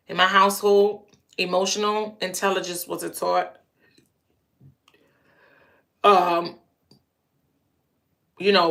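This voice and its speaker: A woman's voice: medium pitch, bright, forceful tone. A woman hosting her own channel, telling a personal story in a casual monologue, hammering home her points by repeating phrases. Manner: emphatic, repeats phrases for punch. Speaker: channel host.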